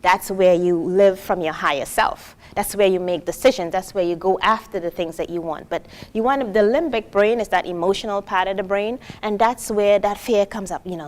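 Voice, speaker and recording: A woman from Trinidad giving a live motivational talk to an audience, animated, acting out quoted voices and asking the room questions. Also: medium pitch, moderate pace, hardly any pauses. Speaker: motivational speaker.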